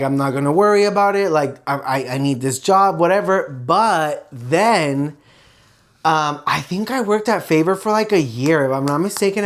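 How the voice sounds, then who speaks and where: Young adult bilingual vlogger, casual, animated storyteller. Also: mid-range voice. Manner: animated and expressive, imitates ringing sounds. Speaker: vlogger host. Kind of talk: casual storytelling chat switching between Spanish and English.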